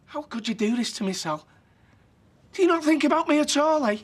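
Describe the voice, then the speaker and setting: A man's voice: very high-pitched, expressive, brisk. An actor playing a jealous, confrontational husband and father in a television soap. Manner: confrontational, bitter.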